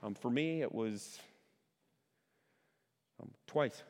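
Conversational pastor preaching in a reverberant hall. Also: male voice, mid-range voice, a little mellow. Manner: conversational, asks the audience questions, stresses words by slowing down. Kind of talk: sermon.

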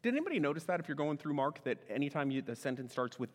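A man preaching a sermon as a pastor, speaking emphatically and swinging between loud passages and hushed ones. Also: medium pitch, expressive, fast talker. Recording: long reverb of a large hall.

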